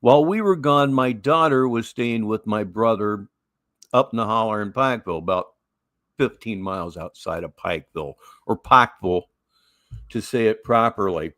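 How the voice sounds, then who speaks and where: A man's voice: lowish voice, moderate pace, a bit bright, no room sound, studio quality. A man in his sixties hosting a livestream, telling rambling stories in a wry, casual way. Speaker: livestream host. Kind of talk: casual storytelling and live commentary.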